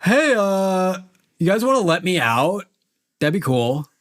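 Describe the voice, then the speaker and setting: A man's voice: sits high, big pitch swings, a little slow, a bit bright, pitched above the performer's own voice, heavily acted. A man voicing a petulant, entitled young male prisoner in a tabletop game. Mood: whiny. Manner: whiny, entitled.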